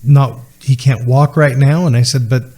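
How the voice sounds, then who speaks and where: A man's voice: medium pitch, fairly even intonation, normal speed, warm tone, breathy edge. A man, telling a personal story as a podcast guest, earnestly retelling conversations. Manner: earnest, retells dialogue with many "he said" asides.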